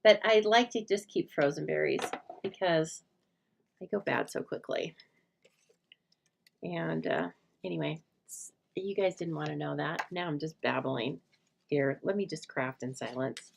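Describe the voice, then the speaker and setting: A woman's voice: deep voice, measured pace, creaky, a little hiss or hum. A middle-aged woman hosting a crafting livestream, chatting casually and rambling to her viewers while she works. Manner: chatty, rambling, laughs often, talks to viewers by name.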